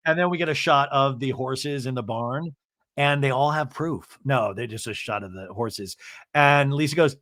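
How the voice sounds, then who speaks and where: Male podcast host, animated and snarky, bright voice, dry mic. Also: mid-range voice, normal speed, no room sound. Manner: animated, sarcastic, swearing. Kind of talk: comedic recap of a reality show.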